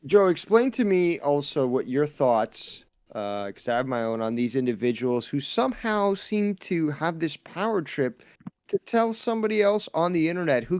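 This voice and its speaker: Slightly high-voiced indignant man. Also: a little mellow, no room sound, studio quality. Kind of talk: casual chat.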